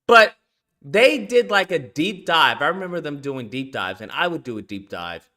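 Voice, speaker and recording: A man hosting a casual chat, telling a story with emphasis and acting out what others said. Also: a little high. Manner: animated, emphatic storyteller who acts out quotes. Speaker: show host.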